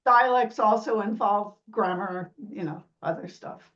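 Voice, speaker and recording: A woman's voice: medium pitch, a little slow, recorded from a distance, dull audio. A woman sociolinguist explaining speech sounds in an interview, imitating vowels and laughing lightly as she talks. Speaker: sociolinguist guest.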